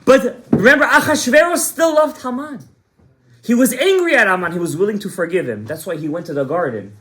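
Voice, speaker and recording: A man's voice: high voice, animated, fairly quick, fairly bright tone, a little hiss or hum. A man rabbi telling a story to a class, asking the room questions and answering them himself. He drops Hebrew terms into the telling and acts out the dialogue as he goes. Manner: retells scenes with quoted dialogue, sprinkled with Hebrew terms.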